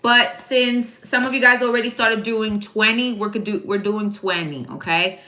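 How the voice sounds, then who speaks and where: A woman's voice: on the high side, steady tone, moderate pace, pushed and bright. A woman giving a casual live tarot reading, chatty and slangy, speaking straight to her viewers by name. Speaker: tarot card reader. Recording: echoey room.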